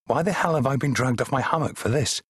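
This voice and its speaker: A man's voice: medium pitch, quick pace, husky, no echo, studio quality, voice pushed up. A man voicing an irritable male police detective who sounds annoyed and clipped, in an audiobook. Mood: irritated.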